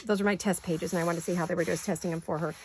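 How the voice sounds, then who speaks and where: A woman's voice: on the low side, steady tone, very fast, a little hiss or hum. A woman hosting a crafting video in her home studio, chatting casually and gushing over each page with repeated words of praise. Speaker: crafting channel host. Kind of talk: casual show-and-tell chat.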